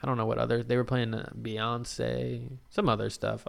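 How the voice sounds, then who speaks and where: A man's voice: mid-range voice, moderate pace, vocal fry. A young man casually recounting a night out, swearing freely and acting out what people said. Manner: animated, swears a lot, acts out quotes. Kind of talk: casual storytelling monologue.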